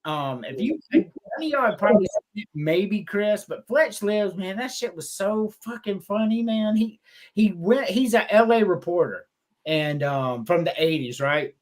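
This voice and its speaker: Animated, profane man telling stories. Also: sits high, measured pace. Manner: animated, profane storytelling with laughter. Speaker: podcast co-host. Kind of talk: casual podcast chat.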